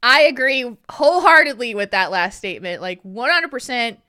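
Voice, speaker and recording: A woman hosting a podcast in casual chat, giggly and talkative, with lively swings in pitch. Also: moderate pace, dry recording, clean studio sound. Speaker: podcast host.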